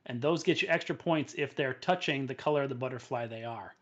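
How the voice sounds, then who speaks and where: A man who is a guest game designer, calmly explaining his game's rules in casual chat. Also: medium pitch, a little fast, highs cut off. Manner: relaxed, explains rules plainly.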